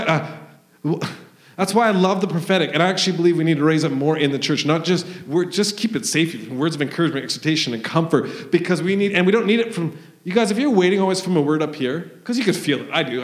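A man's voice: animated, a little fast. Fervent preacher man in an echoey church. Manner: fervent, rambling, acts out quoted voices in a higher pitch. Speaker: pastor. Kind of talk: sermon with prophetic prayer. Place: church hall.

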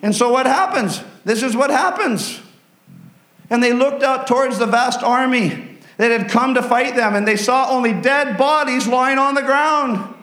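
A man preaching a dramatic sermon, acting out the voices of people in the story and swinging from excited shouts to hushed tones. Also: very high voice, a little slow, reverberant. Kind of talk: animated sermon with acted-out voices.

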